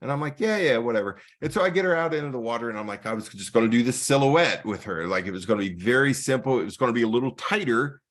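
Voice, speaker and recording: A man's voice: medium pitch, animated, fast, few pauses. A man giving a casual talk as a photographer, telling stories and acting out the dialogue. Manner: storytelling with acted-out dialogue. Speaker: guest speaker, photographer. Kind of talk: casual presentation.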